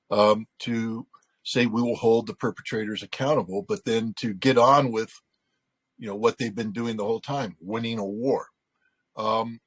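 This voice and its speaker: A man's voice: lowish voice, husky, rough recording. A man answering an interviewer's question on a remote live call, conversational and argumentative, with many fillers. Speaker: guest commentator.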